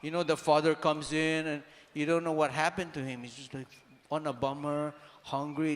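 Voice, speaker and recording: A man giving a motivational talk to an audience, animated, firing rhetorical questions and now and then raising his voice to a shout. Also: fairly high pitch, moderate pace. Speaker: speaker. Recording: long hall reverb.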